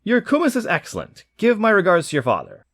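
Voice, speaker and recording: A man's voice: high-pitched, huge pitch swings, fairly quick, fairly bright tone, no room sound, studio quality, voice pushed up, full character voice. A man voicing a polite, stammering middle-aged Roman official with formal speech.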